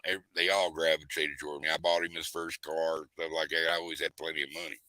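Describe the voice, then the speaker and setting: Male host, animated yarn-spinner, bright tone, dry close sound. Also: extremely low pitch, fast, no echo, low-quality recording. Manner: rambling, animated storyteller with folksy asides. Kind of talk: casual storytelling chat.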